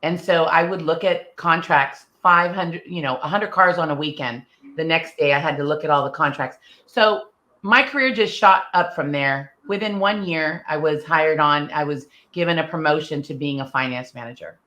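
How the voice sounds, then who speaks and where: A middle-aged woman, an interview guest, telling her story in a bold, lively way and acting out the dialogue. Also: deep voice, moderate pace. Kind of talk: casual storytelling.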